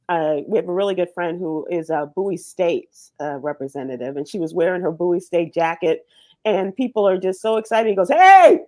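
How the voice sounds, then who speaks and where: A woman's voice: lowish voice, darkish tone, dry recording. A woman hosting a radio show on location, chatting casually with a co-host, laughing often and full of fillers. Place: event venue.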